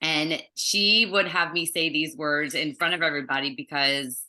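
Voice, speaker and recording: A woman from Maryland chats as an interview guest. Her voice sits low but sounds bright and forceful. She tells family stories with animation. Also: steady tone, moderate pace. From Maryland, USA. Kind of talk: casual interview conversation.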